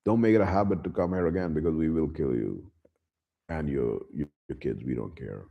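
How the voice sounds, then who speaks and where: A man's voice: a bass voice, brisk, gravelly, muffled recording, pitched below the performer's own voice, full character voice. A man voicing a proud, threatening herd of male centaurs, with a blunt, menacing delivery.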